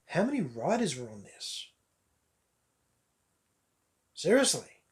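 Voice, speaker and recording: A man giving a casual, wry and candid spoken review of a movie on camera. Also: high-pitched. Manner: wry, candid, offhand asides. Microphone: camera mic.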